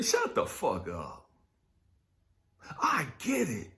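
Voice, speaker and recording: A man's voice: wildly swooping pitch, slow pace. Fiery, wildly swinging male preacher. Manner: profane, confrontational, swinging between shouted rants and low muttering; repetitive rhetorical questions. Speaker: spiritual life coach. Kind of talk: impassioned motivational preaching monologue.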